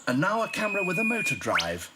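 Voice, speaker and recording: A man narrating a nature documentary in a hushed, measured way, played as an archive clip. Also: high-pitched, huge pitch swings, very noisy.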